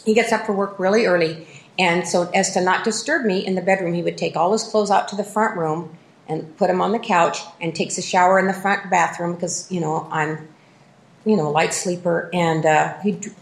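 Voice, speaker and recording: A woman's voice: on the low side, moderate pace, gravelly. Candid woman sharing her story in an echoey room. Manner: candid, self-mocking, laughs at herself. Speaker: recovery meeting speaker. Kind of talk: personal testimony talk.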